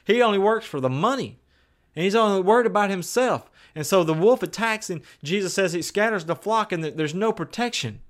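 A man preaching a sermon in a conversational way. He moves between raised, emphatic declarations and hushed, slow asides. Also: high voice, lively intonation. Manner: conversational, with plain everyday phrases.

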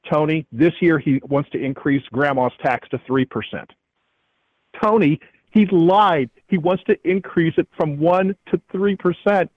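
A man's voice: on the high side, steady tone, moderate pace, few pauses, no echo, phone-quality sound. A man calling in from an airport as the economist guest on a radio interview, speaking emphatically and with indignation. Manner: emphatic, indignant, repeats the host's name. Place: airport, calling in while traveling.

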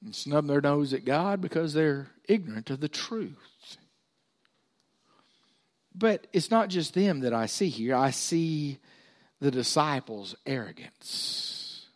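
A man preaching a sermon, telling stories and acting out the voices of people in them. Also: on the high side. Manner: animated storytelling, acting out voices.

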